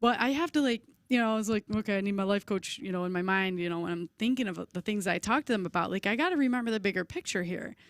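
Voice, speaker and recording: A woman's voice: mid-range voice, racing, hardly any pauses, no room sound. A woman in her forties chats as a podcast guest. She tells stories with energy and acts out little voices as she goes. The sound is close and dry. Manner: chatty, animated storyteller, acts out voices. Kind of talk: casual chat.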